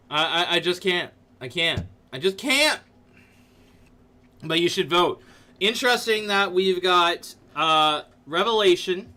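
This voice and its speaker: A man hosting a casual livestream from his computer desk, playful and jokey, breaking into sudden loud outbursts. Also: high-pitched. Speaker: livestream host. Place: seated at a computer in a dim room.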